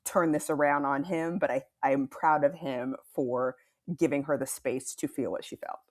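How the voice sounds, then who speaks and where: A woman podcast co-host chatting casually, with measured, thoughtful reactions. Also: very deep voice, fairly even intonation, darkish tone. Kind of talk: casual chat.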